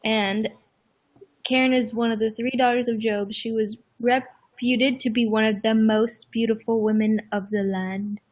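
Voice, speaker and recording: Young woman, husky, a bit high, giggly, casual livestream chat, reads aloud with animation. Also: level tone, unhurried, darkish tone. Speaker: friend co-hosting a livestream.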